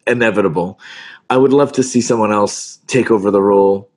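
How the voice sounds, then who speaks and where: A middle-aged male voice actor, appearing as a guest in a casual interview, tells stories in an animated, self-deprecating way and performs the lines he quotes. His voice runs on the low side, and he talks fairly quickly.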